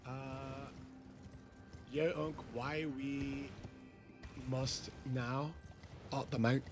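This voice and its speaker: A man livestreaming a game, reading chat and bursting into shouted greetings between casual muttering. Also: mid-range voice, steady tone, very slow, faint music behind. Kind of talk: excited live-stream chat.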